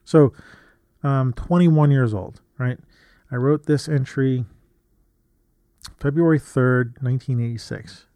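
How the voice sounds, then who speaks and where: Here the photographer, a man in his fifties, goes slowly and pauses often, his mid-range voice warm and free of echo. Reading from an old journal, he rambles in a casual, reflective way, restarting often and drifting into asides.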